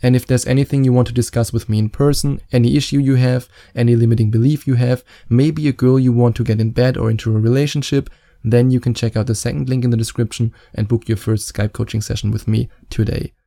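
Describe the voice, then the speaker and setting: A man's voice: mid-range voice, fairly even intonation, fast, vocal fry, warm tone, dry recording. A man with a German accent, giving dating advice in a playful, joking vlog. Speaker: dating coach.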